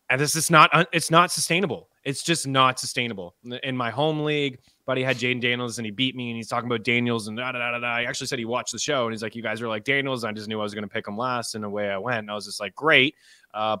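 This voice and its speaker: Bright-voiced man in a dry room. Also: medium pitch, no echo. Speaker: fantasy football analyst. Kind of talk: casual podcast chat.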